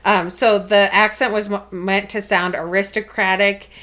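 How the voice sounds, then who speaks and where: A woman's voice: medium pitch, level tone, normal speed, fairly bright tone. A woman co-hosting a podcast, explaining a topic in casual chat with lots of ums and frequent laughter. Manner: chatty, laughs often, explains with many ums. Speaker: podcast co-host.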